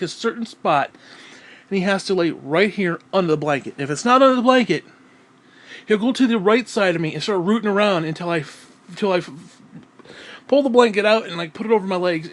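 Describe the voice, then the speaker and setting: A man ranting casually at home, profane and rambling, often clearing his throat and short of breath. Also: high-pitched, expressive, a little fast. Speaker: vlogger.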